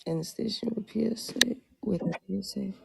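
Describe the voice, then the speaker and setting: A woman hosting a live audio chat room, brash, profane and joking, her voice rough and low from just waking up. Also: a little fast, heavy background noise. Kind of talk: casual chat.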